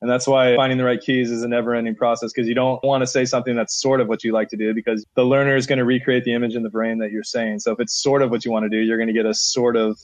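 A man's voice: medium pitch, little pitch movement, racing, hardly any pauses, dry recording, lo-fi sound. A man who coaches setters for a national team, talking emphatically in a podcast interview with lots of filler words.

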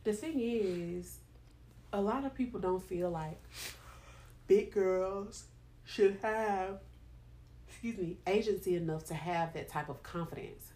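A woman hosting a podcast, talking in a blunt, profane and animated way. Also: medium pitch, slow, pauses often. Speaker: podcast host. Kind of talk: candid casual chat.

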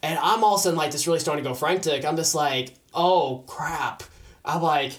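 A young man telling a personal story in a casual, animated way, often laughing and acting out the people he quotes. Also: fairly high pitch, very fast. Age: young adult.

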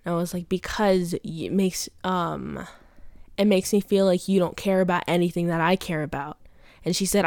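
Young woman, low-set voice, dry close sound; rambling confessional diary monologue. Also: fairly even intonation, a little fast, no echo. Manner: rambling, confessional, many fillers. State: teary. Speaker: podcaster.

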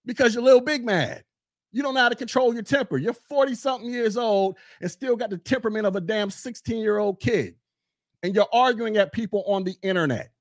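A man doing a casual commentary podcast from his desk at home, blunt and mocking with loud bursts. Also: high voice, a little fast, no room sound, studio quality.

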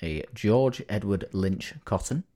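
A man with a fairly low voice talks through a phrase's origins in a relaxed podcast chat. He reads from his notes in a chatty way, often restarting and trailing off mid-sentence. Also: takes it slowly. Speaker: podcast co-host.

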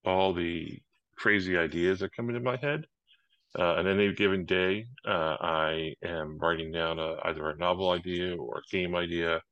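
A man's voice: low voice, steady tone, normal speed, fairly bright tone, no echo, muffled recording. A man from Maryland answering interview questions as a guest author, hesitant with many fillers. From Maryland, United States.

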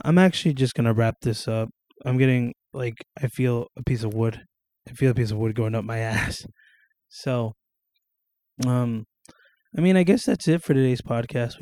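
A man's voice: mid-range voice, moderate pace, a little mellow, no echo. A young man hosting his own casual podcast, rambling with lots of fillers, restarts and casual swearing. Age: young adult. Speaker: solo podcast host. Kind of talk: casual solo podcast monologue. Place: at home, on camera.

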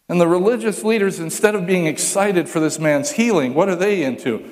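A pastor preaching a sermon, telling stories with humor and acting out the voices of the people in them. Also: male voice, sits high, fairly quick, few pauses, big-room sound. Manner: animated storytelling, acts out voices with humor.

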